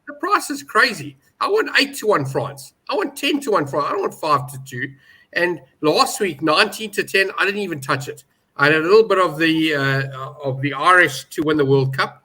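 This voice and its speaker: A man's voice: on the high side, expressive, moderate pace, sharp tone, slightly rough, rough recording. A man giving opinionated betting views in a casual panel chat, stressing his points hard. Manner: opinionated, emphatic about prices. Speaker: betting pundit.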